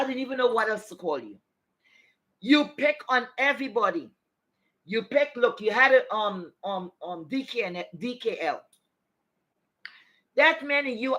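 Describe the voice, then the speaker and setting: A woman's voice: on the high side, sharp tone, rough recording. A woman delivering an angry commentary rant, scolding her target directly with profanity, repeated phrases and a stream of rhetorical questions. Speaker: commentary vlogger.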